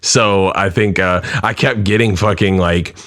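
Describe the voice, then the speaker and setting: A man's voice: deep voice, fairly even intonation, measured pace, fairly bright tone. A man co-hosting a casual podcast, rambling with lots of "like" and swearing. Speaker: podcast co-host and rapper.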